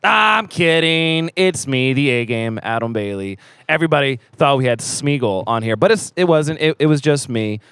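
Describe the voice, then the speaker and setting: A young man hosting a church podcast, chatting casually with an energetic, playful manner. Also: medium pitch, moderate pace, hardly any pauses, clear, resonant tone, dry recording. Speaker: podcast host. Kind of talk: casual chat. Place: church theater.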